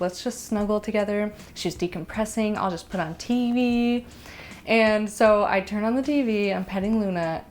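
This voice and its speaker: A young woman vlogger telling a story to camera in a casual, animated way, rushing through quick asides. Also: mid-range voice, slight background noise. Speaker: vlogger and dog owner.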